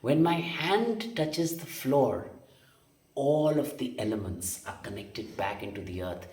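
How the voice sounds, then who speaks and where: Slow and lively in intonation, his mid-range voice carries a darkish tone as he teaches meditation and energy healing aloud. He repeats phrases emphatically and leans on rhetorical questions; the recording sounds roomy and distant.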